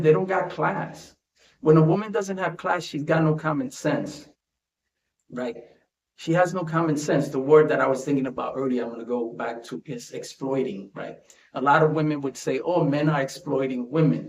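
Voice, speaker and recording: A man delivers a casual commentary monologue in a voice pitched a little high. He talks conversationally and keeps tagging his points with "right?". His voice carries a roomy echo. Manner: conversational, tags statements with "right?". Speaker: commentary host.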